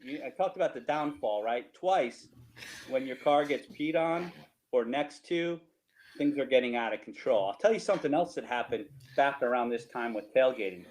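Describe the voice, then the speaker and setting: Animated middle-aged man with a New Jersey accent. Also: mid-range voice, moderate pace, poor audio. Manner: animated, laughing, repeats himself, rhetorical "right?". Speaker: storyteller guest. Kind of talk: casual storytelling over slides.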